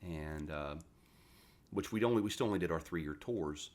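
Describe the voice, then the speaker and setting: A man in his forties with a very low voice tells his Marine stories in a loose, cussing, conversational way. He acts out the people he quotes as he goes. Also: moderate pace. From West Virginia. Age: 40s. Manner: profane, animated storyteller who acts out quoted dialogue. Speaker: podcast guest, retired Marine. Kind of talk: casual storytelling interview.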